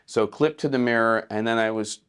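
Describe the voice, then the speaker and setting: Man explaining gear in a smooth low voice. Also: fairly quick. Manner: relaxed, conversational, many fillers. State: morning voice. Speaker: filmmaker host. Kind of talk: casual how-to explanation. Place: small hotel suite.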